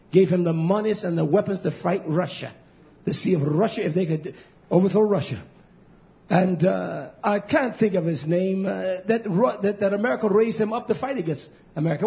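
A high-pitched man delivers a combative, rambling sermon. His voice drops to a mutter, then climbs into shouts. The recording sounds dull and lo-fi. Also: gravelly. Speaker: preacher. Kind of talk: fiery sermon.

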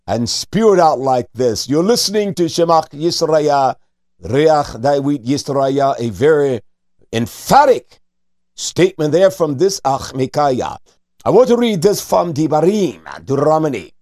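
A man with a fairly high voice delivers a fiery radio sermon at an unhurried, deliberate pace. He preaches fervently, drops Hebrew words into his English and climbs to shouts on his strongest points. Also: dry recording, clean studio sound. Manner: fervent, sprinkles Hebrew terms, rises to shouts. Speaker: radio show host and preacher.

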